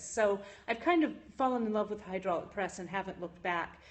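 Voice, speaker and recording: A woman's voice: mid-range voice, moderate pace, hardly any pauses. A woman hosting a casual phone livestream from her jewelry studio, chatting with viewers with frequent "um"s. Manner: chatty, with frequent "um"s, reads and answers viewer chat. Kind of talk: casual live-stream chat.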